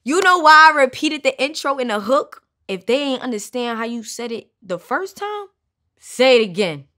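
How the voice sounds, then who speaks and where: A woman rapper from Brooklyn, casually breaking down her song in a lively way and dropping into ad-lib sounds. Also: sits high, normal speed. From Brooklyn, New York.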